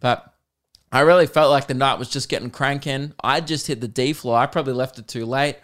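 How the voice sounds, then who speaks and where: A man's voice: mid-range voice, fairly even intonation, fairly quick, a bit bright. A man in his thirties with an Australian accent, hosting a comedy podcast and telling an exasperated story with lots of laughing and swearing. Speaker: podcast host.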